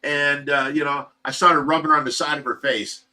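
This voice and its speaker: A livestream host talks in a rambling, heartfelt way, sharing an emotional personal update. His voice sits a little high for a man and has a bright, forward edge. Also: level tone, fairly quick. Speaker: livestream host of a fish rescue. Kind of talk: casual livestream chat.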